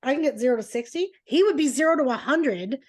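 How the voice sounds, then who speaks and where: A woman co-hosting a casual chat podcast, telling lively family stories with laughter and acting out her dad's lines. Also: sits high, fast. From Canada. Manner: animated storyteller, laughs often, does voices of her dad. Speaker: podcast co-host.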